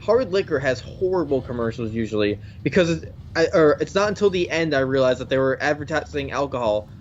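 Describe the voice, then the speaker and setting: A man's voice: mid-range voice, animated, a little fast, slight background noise. A young man chatting casually while his friend plays a video game, rambling with restarts and self-corrections. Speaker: co-host of a gameplay channel. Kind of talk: casual chat. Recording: slightly dull lo-fi mic with game music. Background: faint game music.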